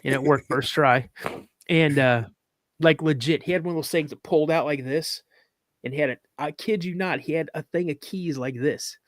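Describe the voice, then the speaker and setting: In a clean studio recording with no echo, a man with a slightly high voice talks at a moderate pace. He's a podcast guest spinning a rambling, casual story full of fillers and restarts, raising his voice to act out what others said.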